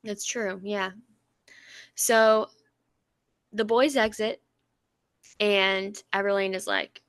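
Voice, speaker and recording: Woman podcast co-host, casual book recap, lively retelling, dry close sound. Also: mid-range voice, clean tone, no echo. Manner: animated retelling with quick voiced asides. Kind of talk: casual book-review chat.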